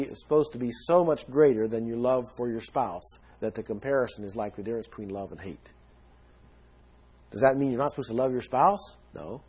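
Husky-voiced man preaching a sermon. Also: mid-range voice. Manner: earnest teaching tone, emphatic stresses.

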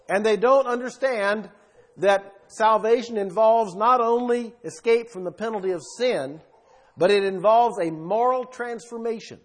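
A man preaching a sermon with emphasis, swinging between loud bursts and quiet asides. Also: high-pitched, unhurried.

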